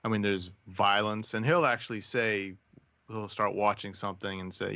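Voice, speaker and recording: A man's voice: on the low side, normal speed, no room sound. A man co-hosting a podcast, chatting casually and telling a story in a loose, rambling way. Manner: relaxed, rambling storytelling with fillers. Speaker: podcast co-host. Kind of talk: casual chat. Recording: dull lo-fi audio.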